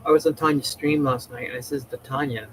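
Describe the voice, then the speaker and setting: A man's voice: medium pitch, steady tone, brisk, a bit bright, a little hiss or hum, poor audio. A man hosting a casual livestream, rambling and chatty with many restarts, talking from home. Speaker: livestream host.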